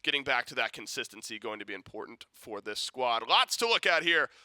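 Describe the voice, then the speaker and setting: A man's voice: mid-range voice, very animated, a little fast, pushed and bright, dry recording. A man analyzing an esports match at the desk, talking conversationally with frequent restarts. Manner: conversational, many restarts and fillers.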